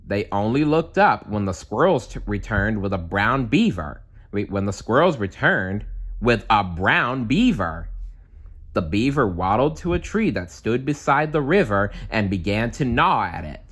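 A man reading a children's bedtime story aloud in a calm, measured way. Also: fairly low pitch, breathy edge. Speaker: storybook reader.

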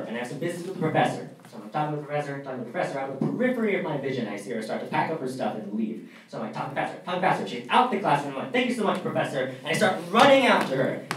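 A young man doing a stand-up storytelling set on a college comedy stage, animated, his voice jumping high and squeaky when he gets excited. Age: young adult. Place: college comedy club stage before a live audience. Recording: echoey room, picked up from a distance, faint noise.

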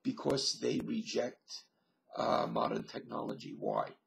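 Solo vlogger, male, unhurried musing delivery, gravelly voice, webcam sound. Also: mid-range voice. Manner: slow, musing, thinks aloud with many pauses and fillers. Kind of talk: rambling solo webcam monologue.

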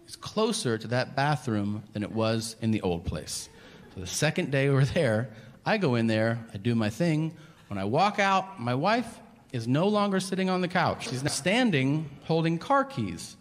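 A man's voice: mid-range voice, moderate pace, slight background noise. A man performing stand-up comedy on a theater stage, telling profane stories and acting out the people in them. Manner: profane, animated storytelling that acts out the people in his stories. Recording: long hall reverb of a live venue.

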